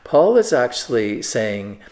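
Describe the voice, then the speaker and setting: A man's voice: mid-range voice, very animated, takes it slowly, a little mellow. A man, a pastor, teaching an informal sermon in a conversational way with frequent fillers and restarts. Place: church.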